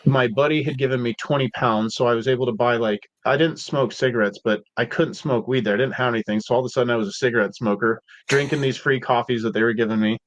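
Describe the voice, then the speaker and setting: A man's voice: mid-range voice, fast talker, few pauses, no echo. A man guest on a podcast, telling rambling stories in a casual, profane way, full of "like" and "dude". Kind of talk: casual storytelling.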